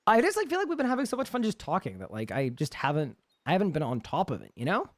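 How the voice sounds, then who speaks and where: A man's voice: a little high, wildly swooping pitch, fast. A young man with a Canadian accent, chatting casually on a live gaming stream and answering chat questions.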